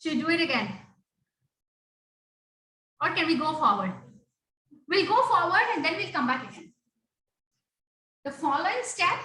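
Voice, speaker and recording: Heard far off in a heavily echoing room, a woman runs a children's dance class over video call. She sets the beat with chanted, sung syllables and names students as she gives quick directions. Her sharp, high voice swings widely in pitch at a moderate pace, broken by long pauses.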